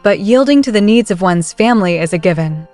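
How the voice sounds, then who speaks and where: A woman voicing a gentle, self-effacing young noble lady in a recap story, read softly and plainly. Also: mid-range voice, animated, a little fast, soft background music, lightly acted. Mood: earnest.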